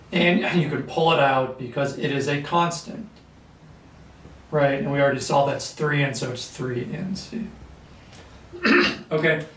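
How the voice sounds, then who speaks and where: A man teaching a calculus lesson at a whiteboard, clearing his throat often and talking through steps with fillers. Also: a little high, a little hiss or hum. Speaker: math teacher. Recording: echoey room, mic at a distance.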